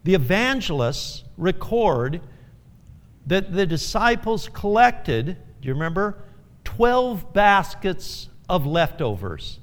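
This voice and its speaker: High-pitched man preaching slowly. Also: big pitch swings, fairly bright tone, long reverb tail. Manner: earnest, repeats phrases, chuckles often. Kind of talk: sermon.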